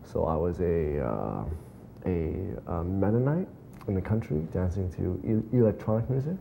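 A man, a working actor, answering interview questions in a studio in a halting, eager way, with many fillers and repeated agreements. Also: low voice, animated, creaky, dark tone, a little hiss or hum. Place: television studio.

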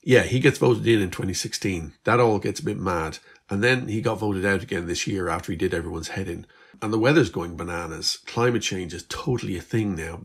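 A man's voice: sits low, a bit bright, breathy edge, full character voice. A man voicing Beth, an Irish teenage girl who is weary but hopeful, in a slightly raised, chatty, earnest voice.

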